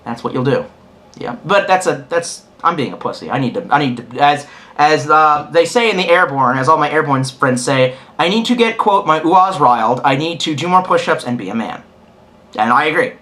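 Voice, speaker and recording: Crude, animated young man rambling. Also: a little high, moderate pace. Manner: crude, sarcastic, profane, rambling. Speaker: vlogger. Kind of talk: casual rambling monologue.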